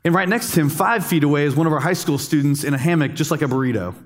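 A man in his thirties preaching a sermon, telling a camping story with humor and slow pauses for emphasis. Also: on the high side, lively intonation, long reverb tail. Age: 30s. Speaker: pastor.

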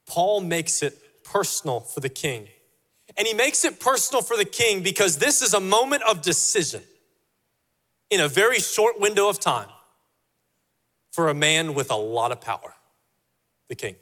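A man's voice: sits high, very animated, normal speed, long pauses, bright, forceful tone, big-room sound. A male pastor preaching a sermon in a church, emphatic and repeating his key phrases for weight. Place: church sanctuary.

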